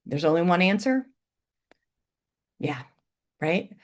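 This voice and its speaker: A woman's voice: fairly low pitch, expressive, takes it slowly. A middle-aged woman presenting an educational webinar, coaching listeners and demonstrating how emphasis changes meaning. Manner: warm coaching tone, reads chat aloud, demonstrates emphasis.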